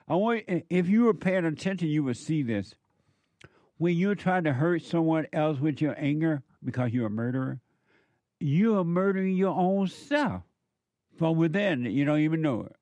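A man hosts a spiritual call-in radio show, preaching in an unhurried, repetitive way. His voice sits a little high and he takes his time over each phrase. The sound is close and dry, with no room around it. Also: a little mellow, no room sound. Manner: slow, preachy, repetitive emphasis.

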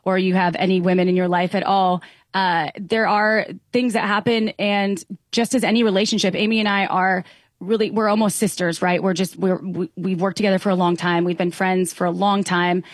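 A woman's voice: medium pitch, little pitch movement, moderate pace, no echo, studio quality. A woman guest on a talk show speaking earnestly and reflectively about relationships, often restarting her sentences. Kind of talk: casual talk show conversation.

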